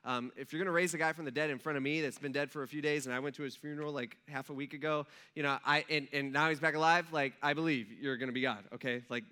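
A man's voice: a little high, steady tone, fast, few pauses, pushed and bright, smooth. A man preaching a casual sermon, talking conversationally, asking the audience questions and acting out stories. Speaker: pastor.

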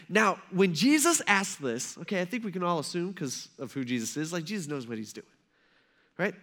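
A man's voice: high voice, sing-song, brisk, fairly bright tone. A male pastor preaching a sermon in a conversational storytelling manner, with plenty of casual asides.

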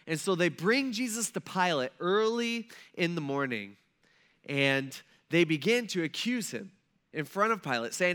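A man preaching a sermon in a conversational, animated way, acting out the people he tells about. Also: high-pitched, unhurried, clear, resonant tone. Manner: conversational, animated, acts out quotes. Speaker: pastor.

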